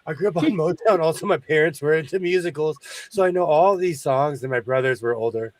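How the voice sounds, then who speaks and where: A man's voice: on the high side, brisk, slight background noise. Chatty man hosting a sewing stream. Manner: animated, breaks into singing; mentions a speech impediment. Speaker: host. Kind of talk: casual chat.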